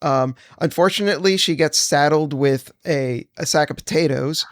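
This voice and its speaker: Higher-voiced man, dry close podcast sound. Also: moderate pace, no echo. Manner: enthusiastic, easygoing, laughs often. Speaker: podcast co-host. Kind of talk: casual podcast discussion.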